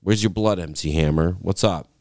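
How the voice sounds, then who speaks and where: Brief: young male co-host, very low voice, deadpan goofball, dry close mic. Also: moderate pace, dry recording. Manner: goofy, deadpan jokes. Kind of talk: casual chat.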